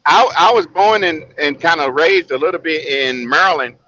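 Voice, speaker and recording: A man with a Southern US accent chats on a livestream, repeating his points with emphasis. His voice is bright and fairly high for a man. The sound comes through dull and lo-fi. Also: normal speed. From United States. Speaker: livestream guest. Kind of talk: casual chat.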